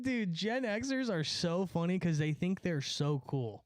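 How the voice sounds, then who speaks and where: A young man from California rambles through a story in a casual, profane chat, laughing at his own lines. His voice sits a little high for a man. The sound is dry and close, with no room echo. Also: lively intonation, a little slow. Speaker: streamer.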